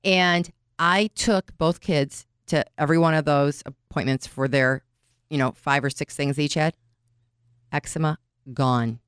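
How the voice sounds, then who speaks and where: A chatty woman in her forties co-hosts a podcast with a lowish voice. She tells her stories freely and lifts into animated retellings. The sound is dry and close. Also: a little slow, smooth, dry recording. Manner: chatty storyteller, animated when retelling scenes. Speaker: podcast co-host. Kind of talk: casual chat.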